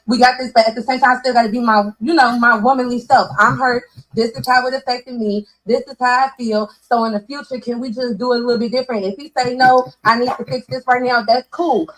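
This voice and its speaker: A woman's voice: a little high, steady tone, a little fast, hardly any pauses, poor audio. A woman on a podcast panel, explaining her view earnestly at length with many restarts. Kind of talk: casual debate chat.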